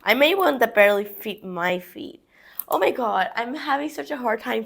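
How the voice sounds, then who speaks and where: A woman's voice: on the high side, animated, moderate pace, vocal fry, fairly bright tone. A young woman talking casually through a knitting project step by step, chatting to herself as she works. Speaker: crafting vlogger. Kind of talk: casual how-to narration while knitting.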